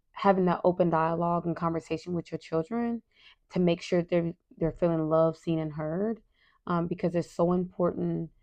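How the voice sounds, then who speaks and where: A middle-aged woman talks straight to her listeners in a casual, heartfelt podcast monologue. Her voice is mellow and warm, and she keeps checking in with "right?" and "you guys", sometimes sinking to a soft whisper to stress a point. The recording is a little dull and lo-fi. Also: on the low side. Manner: chatty and earnest, often asks "right?" and addresses listeners as "you guys". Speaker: parenting podcast host.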